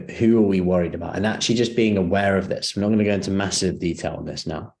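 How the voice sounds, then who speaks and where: A man, lower in pitch than most, leads a live seminar in a relaxed, conversational way. He keeps throwing questions out to the room as he coaches. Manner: conversational, asks the audience questions. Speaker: personal trainer leading a seminar.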